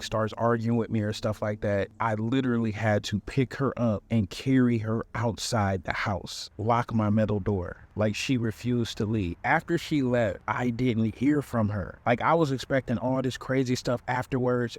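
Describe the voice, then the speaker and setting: A male podcast host telling a comic dating story in an animated, conversational way, acting out the voices he quotes. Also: medium pitch, moderate pace, hardly any pauses.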